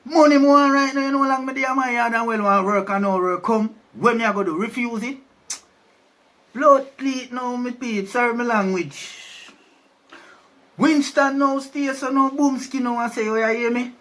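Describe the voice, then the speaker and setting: High-voiced Jamaican man telling a story. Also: moderate pace, sharp tone. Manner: chatty, keeps asking "you see me?". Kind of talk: casual storytelling.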